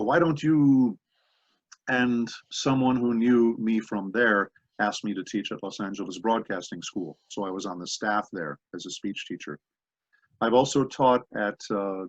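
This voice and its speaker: A man's voice: fairly low pitch, fairly bright tone, husky, dry recording. A man voice actor in an interview, telling rambling anecdotes full of asides. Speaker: voice actor guest. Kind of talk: interview conversation. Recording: dull dry lo-fi audio.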